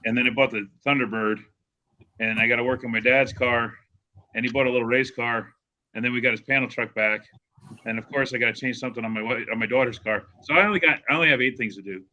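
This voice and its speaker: Bright-voiced man rambling about old cars. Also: mid-range voice, fast talker, lo-fi sound. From upstate New York. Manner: rambling anecdotes with fillers and restarts. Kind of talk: casual chat about cars.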